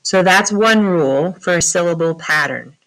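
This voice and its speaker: A woman's voice: lowish voice, normal speed, fairly bright tone, low-quality recording. A woman teaching a phonics lesson to young students, patiently asking questions and answering them herself. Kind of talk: slow classroom phonics lesson.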